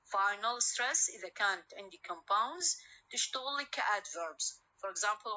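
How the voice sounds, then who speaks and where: Bright-voiced woman lecturing slowly. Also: medium pitch, expressive, low-quality recording. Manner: slow and explanatory, switching often into Arabic, with many pauses and fillers. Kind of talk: recorded classroom lecture.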